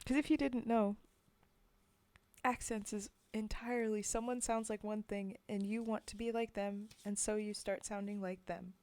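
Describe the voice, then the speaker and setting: A woman's voice: mid-range voice, fairly even intonation, moderate pace, darkish tone, dry recording. A woman streamer from North America, chatting with viewers between poems and reading them aloud, often giggling at herself. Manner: giggly, self-mocking, talks to chat. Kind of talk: casual chat and poetry reading.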